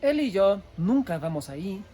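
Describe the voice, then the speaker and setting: A man teaching a language lesson, repeating each word slowly and clearly so listeners can type it. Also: high-pitched, very animated, dark tone. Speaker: Spanish teacher. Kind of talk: slow dictation-style language lesson.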